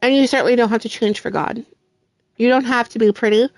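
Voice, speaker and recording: A woman's voice: on the high side, fairly even intonation, fast, a little mellow, dry recording. A woman gaming streamer giving earnest, heartfelt encouragement to her viewers. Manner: earnest, sincere, with faith talk.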